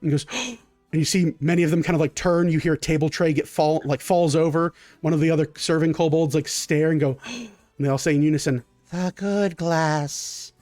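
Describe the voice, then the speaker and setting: A man's voice: fairly high pitch, fairly even intonation, fast talker, a little mellow, dry recording, faint music behind. A man narrating a tabletop game as game master, improvising vivid descriptions.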